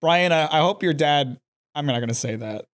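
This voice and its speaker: A man co-hosting a comedy podcast, teasing his partner with mock threats and quick jokes. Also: a little high, animated, fairly bright tone. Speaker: podcast co-host. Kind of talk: casual comedy podcast banter.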